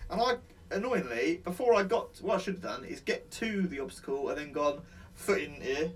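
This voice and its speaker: A man's voice: a little high, big pitch swings, brisk, breathy edge. A man telling rambling, sweary war stories in casual chat, laughing as he goes.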